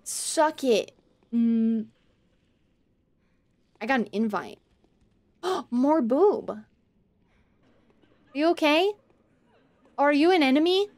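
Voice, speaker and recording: A woman streamer talks to her chat while she plays, reacting out loud and swearing casually. Her voice sits high and bounces around a lot. She takes her time with the words, unhurried between reactions. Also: expressive. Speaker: game streamer. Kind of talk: live gameplay commentary.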